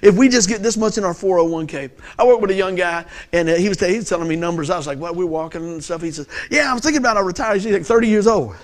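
High-voiced animated male preacher. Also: quick pace, few pauses. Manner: animated storytelling with laughter and loud peaks. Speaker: pastor. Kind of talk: sermon.

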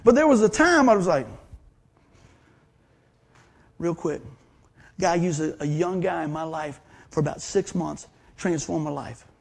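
A man preaching a sermon, telling stories in an animated way that swings from hushed to loud. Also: fairly high pitch, moderate pace, gravelly.

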